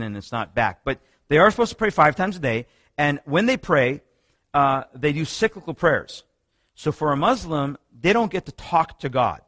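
Animated preacher man, dry sound. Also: no room sound. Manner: animated storytelling, many restarts, rising pitch when excited. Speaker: preacher teaching on another religion. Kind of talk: sermon-style teaching talk.

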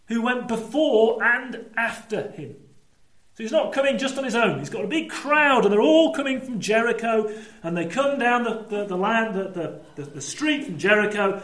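Animated high-voiced male preacher in echoey church. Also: moderate pace. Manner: animated, swings between lively storytelling and low emphatic asides. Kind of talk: sermon.

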